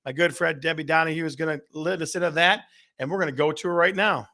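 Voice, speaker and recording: A man's voice: fairly high pitch, fast talker, sharp tone. A man from Michigan hosting a live real estate show, upbeat and joking as he rallies the chat. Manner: hyped, jokey, rallying the chat. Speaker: show host.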